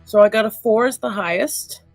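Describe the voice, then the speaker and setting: A woman plays a tabletop game, thinking aloud in a chatty, musing way. She trails off and restarts as she plans her moves. Her pitch sits at an ordinary level. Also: normal speed, no room sound, faint music behind. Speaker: player.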